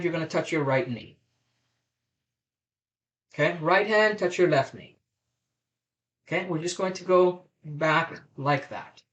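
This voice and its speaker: High-voiced man coaching a live online class. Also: a bit bright. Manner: instructive, repeats affirmations aloud. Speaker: self-development coach.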